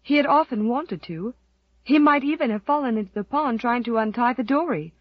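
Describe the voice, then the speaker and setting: A woman narrating an audiobook with expressive, dramatic storytelling. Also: fairly high pitch, a little fast, dry recording, muffled recording. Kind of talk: scripted narration.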